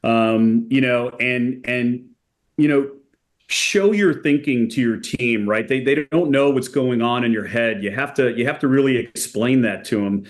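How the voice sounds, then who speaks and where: A man speaking as a company executive guest in a conversational podcast interview, relaxed, using many casual fillers and getting animated when he tells stories. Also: medium pitch, unhurried.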